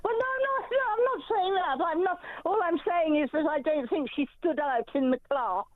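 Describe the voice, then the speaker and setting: Very high-voiced older woman on phone. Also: moderate pace, dry recording. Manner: polite, cautious, gently laughing. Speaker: caller. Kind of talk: phone-in call. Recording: dry tinny phone line.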